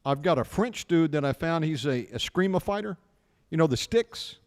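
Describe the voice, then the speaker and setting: Animated storytelling man with reverb. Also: fairly high pitch, moderate pace. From United States. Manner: animated anecdote teller, acts out dialogue. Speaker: radio show host. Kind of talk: casual storytelling chat.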